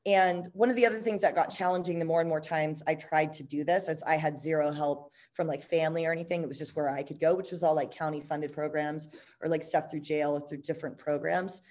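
A woman candidly telling a personal story in a blunt, profane, animated way, full of "like" and "you know," and quick to laugh. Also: low-pitched.

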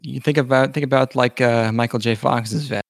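A man's voice: medium pitch, steady tone, normal speed, vocal fry, no echo. A man co-hosting a casual anime discussion podcast, laid-back, swearing casually and trailing off with fillers. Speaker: podcast co-host.

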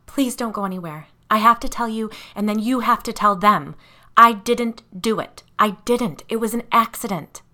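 A woman's voice: fairly high pitch, moderate pace, sharp tone, pitched above the performer's own voice. A woman voicing a distraught young woman's ghost who pleads urgently and tearfully in an audiobook-style story. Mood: pleading.

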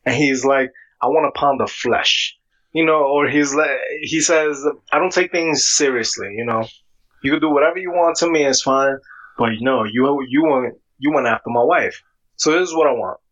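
A man's voice: mid-range voice, normal speed, a bit bright. A man in casual chat, talking in a laid-back, slangy way. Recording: dull lo-fi sound.

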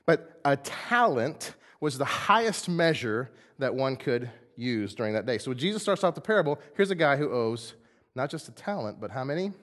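A man preaching a sermon in a church, playful and animated, acting out the quotes in comic voices. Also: medium pitch. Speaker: pastor. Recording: long hall reverb.

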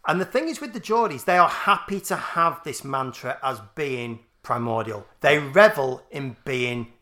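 A man's voice: medium pitch, expressive, moderate pace, bright, forceful tone. A man co-hosting a comedy podcast, crude and mock-serious, swearing and going off on tangents. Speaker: podcast co-host.

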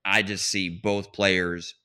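A man's voice: low-pitched, level tone, takes it slowly, sharp tone, smooth. A man hosting a fantasy football podcast, talking casually and with animation, often restarting his sentences and laughing mid-phrase. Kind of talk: casual sports chat.

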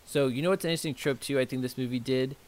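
A podcast co-host chats casually about a film, thinking aloud with lots of fillers. His medium-pitched voice comes out rapid-fire over soft background music.

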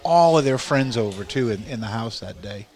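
A man of middle pitch co-hosts a casual chat. He drops in dry, quick quips and tells a short anecdote of his own. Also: lively intonation, darkish tone.

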